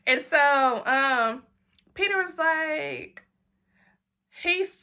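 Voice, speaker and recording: A young woman tells a story in a lively way, dropping into quick voices for her friends. Her tone is bright and sharp. She speaks in a casual vlog style. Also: high-pitched. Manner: animated, acts out friends' lines in quick quoted voices. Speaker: vlogger.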